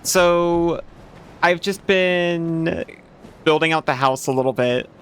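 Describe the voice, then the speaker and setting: A man's voice: on the high side, slow, fairly bright tone, a little hiss or hum. A man chatting casually while playing a game as a streamer, often restarting and trailing off mid-phrase. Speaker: gaming streamer.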